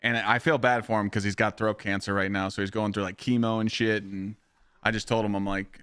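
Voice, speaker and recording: A man's voice: on the low side, level tone, brisk, a bit bright, clear, resonant tone, dry recording, studio quality. A young man live-streaming a game, chatting casually in a rambling, profane way and answering viewers' questions. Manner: profane, rambling, reads chat aloud.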